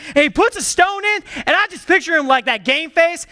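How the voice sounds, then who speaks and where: High, lively, bright-voiced male preacher. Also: brisk, few pauses. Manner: energetic, emphatic preaching with call-and-response; swings from excited bursts to hushed low asides. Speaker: pastor. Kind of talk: sermon.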